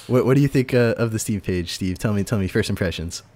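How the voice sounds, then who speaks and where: A man hosting a casual podcast chat, talking loosely with fillers and frequent laughs. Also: lowish voice. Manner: chatty, laughs often, fillers. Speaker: podcast host.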